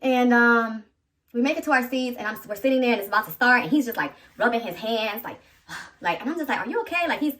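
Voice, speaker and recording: A woman in her thirties telling a personal story to her viewers in an animated, chatty way, talking straight to them. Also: on the high side, a little fast, far from the mic. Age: 30s. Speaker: vlogger.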